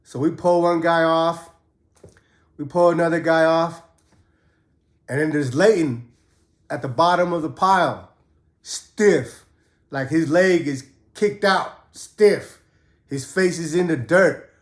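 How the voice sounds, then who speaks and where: A man's voice: fairly high pitch, measured pace, pauses often. A man telling prison stories in a casual, profane way, and he raises his voice when he quotes people. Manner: laid-back, profane, acts out quotes in a raised voice. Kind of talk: casual storytelling. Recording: roomy echo.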